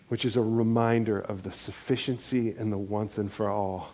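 A middle-aged male pastor preaching a sermon and leading a responsive reading in a slow, soft, unhurried way. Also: lowish voice, steady tone.

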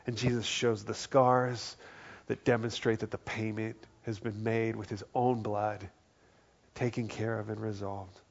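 A man preaching a sermon as pastor, earnest, dropping to a hushed voice for quoted lines. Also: fairly low pitch, little pitch movement, unhurried, vocal fry, dull audio. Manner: earnest, drops to soft quiet tones for quoted words.

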